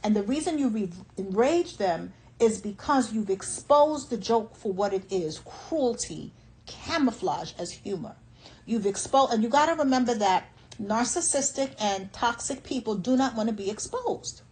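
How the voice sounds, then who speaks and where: A woman's voice: fairly high pitch, animated, moderate pace, darkish tone, rough recording. A woman life coach giving motivational advice in a firm, emphatic voice. She drives each point home by repeating her instructions.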